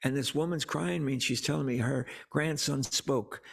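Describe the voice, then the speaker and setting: Gravelly, husky older man telling earnest stories. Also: mid-range voice, normal speed, a bit bright. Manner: earnest storyteller, repeats words when moved. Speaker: songwriter guest. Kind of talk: casual conversation about faith.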